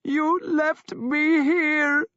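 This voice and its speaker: A man's voice: very high voice, fairly even intonation, extremely slow, sharp tone, no room sound, muffled recording, voice pushed up, heavily acted. A man voicing a grief-crazed young woman who screams and wails her accusations. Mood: anguished screaming.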